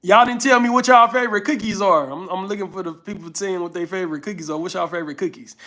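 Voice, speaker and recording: A man's voice: high voice, fast talker, pushed and bright. A man from Houston with a mixed northern Louisiana and Houston accent, chatting casually on a live stream as he reads out viewer comments and thanks people. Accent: northern Louisiana and Houston Southern. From Houston, Texas. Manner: laid-back, drawling, thanks viewers often. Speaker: livestream host.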